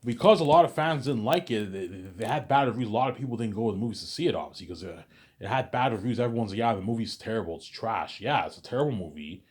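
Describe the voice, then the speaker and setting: A man's voice: medium pitch, expressive, fast talker, darkish tone, slightly rough. A man vlogger ranting in a casual monologue, repeating himself and swearing freely. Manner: repetitive, profane ranting.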